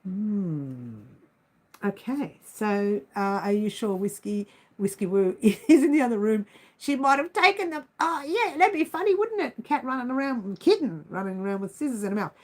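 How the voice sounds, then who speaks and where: A woman hosting a casual livestream, chatting to her viewers by name in an animated way. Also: on the high side, moderate pace, poor audio. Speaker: livestream host.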